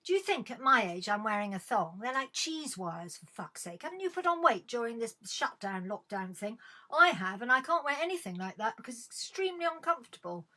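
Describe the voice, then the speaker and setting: A woman's voice: on the high side, big pitch swings, brisk, pushed and bright. A middle-aged woman hosting a live-streamed comedy chat from home, taking calls with bawdy, sardonic, swearing banter into a webcam.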